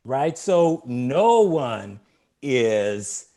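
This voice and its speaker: Earnest, measured man. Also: medium pitch, big pitch swings, mellow. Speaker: guest dancer. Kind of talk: earnest conversational interview.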